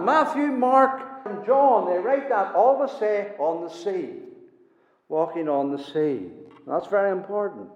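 Emphatic preacher in an echoey hall. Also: male voice, sits high, expressive, a little slow, a little mellow. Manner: emphatic, repeats key words. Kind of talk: sermon. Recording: echoey hall, dull lo-fi sound.

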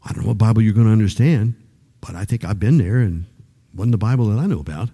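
A man's voice: on the low side, lively intonation, quick pace, mellow, husky. An older man preaching a sermon in a conversational way, often restarting his sentences and rising to emphatic peaks. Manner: repeats words when starting sentences.

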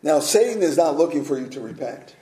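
A man's voice: on the high side, sing-song, brisk, mellow, roomy sound, poor audio. A man preaching a sermon as pastor, earnest and direct, asking his listeners rhetorical questions.

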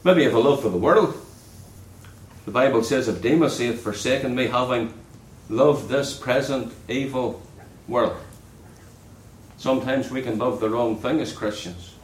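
A man preaching a sermon in an earnest way, dropping low and soft on key words. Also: echoey room, a little hiss or hum, rough recording.

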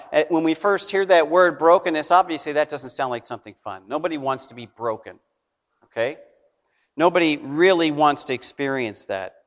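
A man delivers a sermon, talking to his listeners in a conversational way and checking in with them often. His voice sits a little high for a man. Long reverb trails after his words, as in a large church hall. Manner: conversational preaching with frequent "okay?" check-ins. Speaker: pastor.

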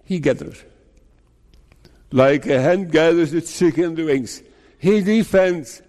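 A man preaching a sermon as pastor, slow and deliberate, putting rhetorical questions to his listeners. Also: on the high side, darkish tone. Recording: long reverb of a large hall.

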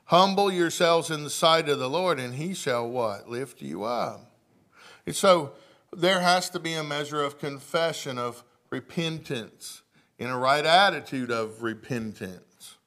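A man's voice: fairly high pitch, lively intonation, measured pace, sharp tone. A male pastor, preaching a sermon in church, reading scripture aloud and asking the congregation questions. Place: church sanctuary.

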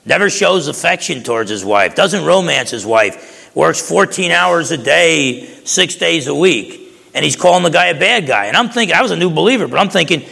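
A man's voice: a little high, lively intonation, moderate pace, creaky, bright, forceful tone, husky. A middle-aged man from New Jersey preaching a sermon, folksy and storytelling, often repeating words as he goes. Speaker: pastor. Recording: long hall reverb.

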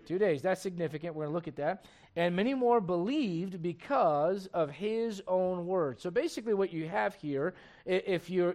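A man pastor preaching a casual, conversational sermon to his congregation and reading scripture aloud. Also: high-pitched.

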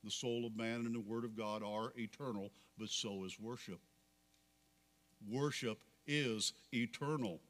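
A man's voice: on the low side, fairly even intonation, a little slow, fairly bright tone, long reverb tail. A man preaching a sermon, reading scripture aloud with rising fervor. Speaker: pastor.

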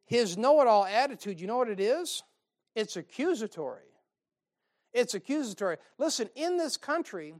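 A man's voice: high voice, gravelly. A man delivers a sermon in a loose, conversational way, reading old-style scripture and then poking fun at it with dry sarcasm. He keeps asking the congregation rhetorical questions. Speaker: preacher.

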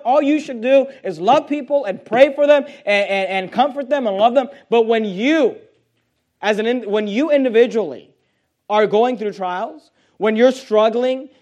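Male pastor, high-pitched, emphatic sermon delivery with rhetorical questions. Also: normal speed, a little mellow. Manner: emphatic preaching, reading scripture aloud in King James wording; rhetorical questions, frequent restarts.

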